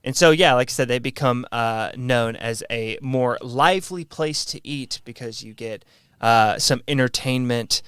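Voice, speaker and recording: A man's voice: mid-range voice, measured pace, few pauses, fairly bright tone, clear, resonant tone, dry recording, studio quality. A man co-hosting a podcast in a laid-back, casual chat, swearing now and then and running a trivia quiz. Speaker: podcast co-host.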